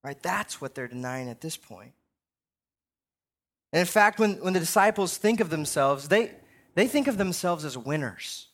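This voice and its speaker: Younger male pastor, slightly high voice, casual sermon delivery with frequent "right?" tags. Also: animated, normal speed.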